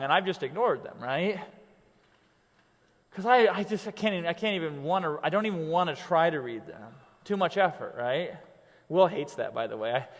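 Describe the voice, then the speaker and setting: Guy coaching a class, high lively voice, keeps saying "right?", echoey hall sound. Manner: animated, conversational, keeps asking "right?". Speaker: online business coach. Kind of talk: coaching lesson.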